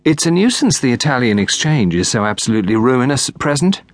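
A man reading an audiobook, voicing a natural, unaffected young husband who is a little slow. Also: medium pitch, big pitch swings, no echo, close to an everyday voice. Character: handsome young husband, plain and a bit dim.

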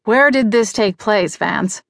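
A woman narrating an audiobook, voicing a polite, analytical male ghost detective in a measured, matter-of-fact way. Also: mid-range voice, gravelly, a bit bright, no echo, studio quality. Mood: probing. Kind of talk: audiobook character voice.

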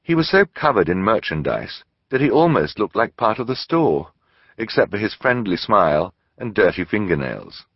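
A man's voice: lowish voice, very animated, moderate pace, dry recording, muffled recording. A man narrating a children's audiobook in a theatrical storytelling manner. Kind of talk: scripted narration.

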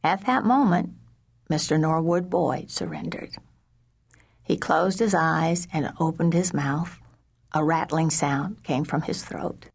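A woman narrating a children's audiobook in a slow, measured storytelling manner, sometimes dropping to a hush. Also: sits low, vocal fry, breathy edge. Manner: slow, measured storytelling with soft hushed passages.

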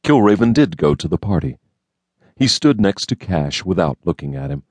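A man narrates an audiobook in a steady, measured way. His voice is very low and even. The recording is close and dry, made at a studio mic. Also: husky, dry recording. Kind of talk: scripted narration.

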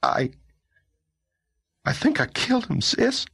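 A man voicing a small, panicked boy in a historical audiobook, pitched high and stammering. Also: very animated, measured pace, gravelly, a bit bright, husky, no echo, studio quality, heavily acted.

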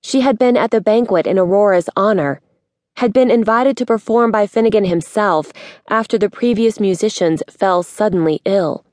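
Steady woman audiobook narrator. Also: mid-range voice, moderate pace, no echo, studio quality. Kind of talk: scripted narration.

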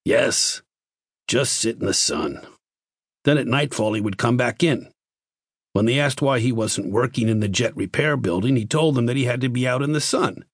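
A man's voice: mid-range voice, normal speed, breathy edge, no room sound, clean studio sound, pitched above the performer's own voice, lightly acted. A male narrator voicing a good-natured but gloomy base commander, baffled as he reports.

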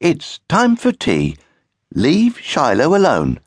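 A man voicing a worried, doting mother rabbit in a children's audiobook, fussing and gently scolding. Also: on the high side, huge pitch swings, slow, slightly rough, no room sound, clean studio sound, voice pushed up, exaggerated voice. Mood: fond, fussing. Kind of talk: audiobook character voice.

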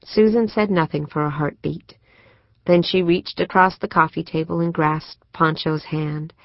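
A woman narrating a novel in a measured, steady audiobook reading. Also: low-pitched, no echo. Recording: dry, slightly muffled studio recording.

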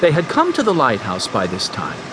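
A man narrating a children's audiobook in an expressive storytelling manner. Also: medium pitch, normal speed, background noise.

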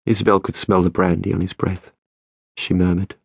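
A man narrating a novel as an audiobook, in a measured, steady storytelling manner. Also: deep voice, vocal fry, slightly rough, no room sound. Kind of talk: scripted narration.

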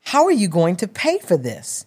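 A woman's voice: on the low side, wildly swooping pitch, moderate pace, darkish tone, breathy edge, full character voice. A woman narrator voicing a plain-spoken, teasing church-going sister with a sassy, folksy manner. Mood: probing.

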